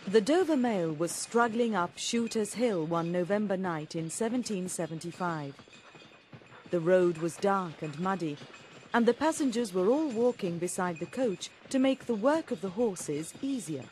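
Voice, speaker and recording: Slow, clear woman narrating a story. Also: medium pitch, expressive, a little mellow, a little hiss or hum. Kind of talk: scripted audiobook narration.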